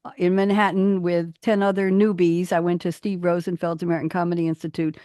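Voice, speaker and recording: A woman hosting a radio talk show, chatting casually and reading her own poems aloud, her pitch climbing on emphatic phrases. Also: little pitch movement, a little fast, mellow, smooth, no room sound, studio quality. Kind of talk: casual chat and poetry reading.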